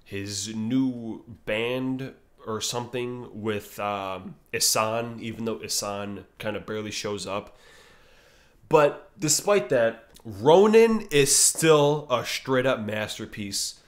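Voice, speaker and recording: A man's voice: on the low side, animated, takes it slowly. A man ranking albums in a casual, rambling way, swearing often and using lots of fillers like "um" and "you know". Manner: profane, enthusiastic, rambling with many fillers. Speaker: music reviewer.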